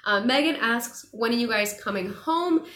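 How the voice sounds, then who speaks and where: A young woman, a travel vlogger, chatting casually and animatedly while answering viewer questions on a live stream. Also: a little high. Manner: chatty, animated, quick laughs. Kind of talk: casual chat. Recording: echoey room.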